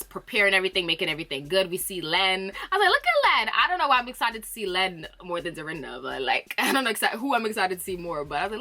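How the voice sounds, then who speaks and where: A woman with a fairly low-pitched yet bright, forward voice talks through a reality show recap. She is chatty and animated, drops playful slang and laughs easily between thoughts. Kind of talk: casual recap chat.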